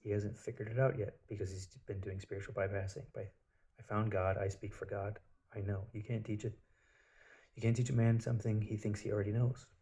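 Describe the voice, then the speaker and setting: A man's voice: lowish voice, little pitch movement, quick pace, dark tone. A man telling stories in a rambling, casual monologue, swearing freely. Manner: rambling, profane storytelling.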